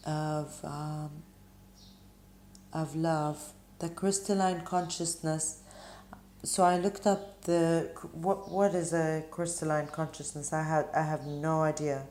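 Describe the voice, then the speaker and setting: A woman speaks slowly in a low, mellow voice as she gives a spiritual tarot reading. She muses gently and stops often to search for words. The room around her adds a noticeable echo. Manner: gentle, musing, pauses with ums. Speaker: tarot reader.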